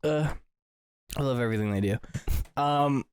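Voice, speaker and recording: A man co-hosting a podcast, chatting casually and tossing out quick joking questions. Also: mid-range voice, smooth, no room sound. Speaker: podcast co-host. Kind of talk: casual chat.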